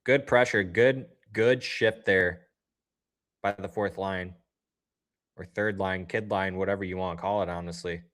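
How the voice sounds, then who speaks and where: A man's voice: low voice, fairly even intonation, a little slow, fairly bright tone. A man hosting a livestream, giving casual play-by-play reactions and talking straight to his chat viewers in a chatty, upbeat way. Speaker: livestream host. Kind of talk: casual live game watch-along commentary.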